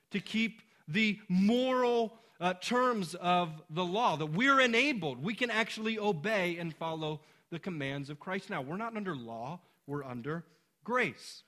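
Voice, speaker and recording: A man's voice: high-pitched, sharp tone. A man preaching an expository sermon as pastor, reading verses and pressing points with emphatic rises.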